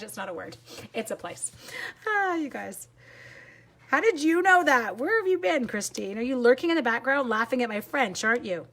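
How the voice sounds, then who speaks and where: A woman hosting a live papercraft tutorial, bubbly and chatty, quick to laugh while she answers viewers. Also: high-pitched, fairly bright tone. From Canada. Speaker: papercraft demonstrator and teacher.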